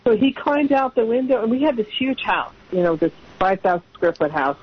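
A high-pitched, husky woman in her sixties rambles through family stories as a radio guest, laughing between restarts. The sound is dull and lo-fi, like an old radio broadcast. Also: expressive, brisk. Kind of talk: casual anecdotal storytelling.

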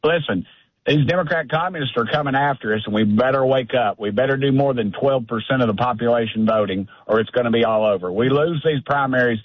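A man's voice: medium pitch, a little fast, no room sound. A man calls in to a radio show, blunt and indignant with folksy turns of phrase. His voice comes over a dull, lo-fi phone line. The sound is dry and close. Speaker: congressman calling in. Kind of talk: fiery political call-in.

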